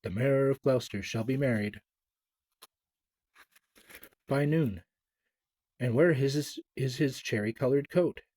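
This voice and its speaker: A man's voice: medium pitch, unhurried, pauses often, darkish tone, close to an everyday voice. A man voicing a poor, worn-out old tailor who speaks in a weary, lamenting way.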